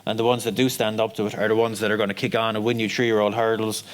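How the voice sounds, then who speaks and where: A man's voice: on the low side, flat delivery, quick pace. A man speaking on a seminar panel, conversational, with frequent "you know" fillers.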